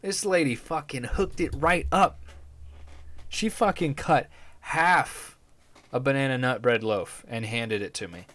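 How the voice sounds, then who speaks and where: A man's voice: mid-range voice, fairly bright tone. A man hosting a podcast, talking casually in a rambling, profane, laid-back way. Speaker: podcast host. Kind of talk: casual chat.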